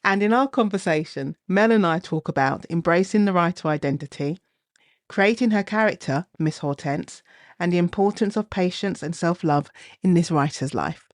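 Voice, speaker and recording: A woman hosting a podcast interview, upbeat and brisk, laughing easily. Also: fairly low pitch, dry recording, clean studio sound. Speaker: podcast host. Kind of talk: scripted podcast intro, then casual interview.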